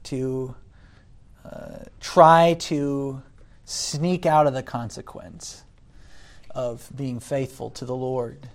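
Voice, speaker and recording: A man preaching a sermon, deliberate, rising loud when he quotes scripture and dropping soft between points. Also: medium pitch, steady tone. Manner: deliberate, swells loud on scripture then drops quiet.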